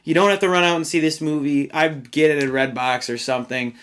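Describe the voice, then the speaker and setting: A man's voice: fairly high pitch, steady tone, fairly quick, fairly bright tone, clean tone. Rambling man reviewing a film. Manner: rambling, exasperated, swears when worked up. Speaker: movie reviewer. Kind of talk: casual spoken film review.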